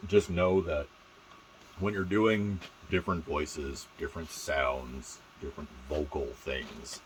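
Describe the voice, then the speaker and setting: A man's voice: a bass voice, fairly even intonation, slow pace, slight background noise, poor audio. A man vlogging casually about doing voices, rambling and playful with fumbling restarts.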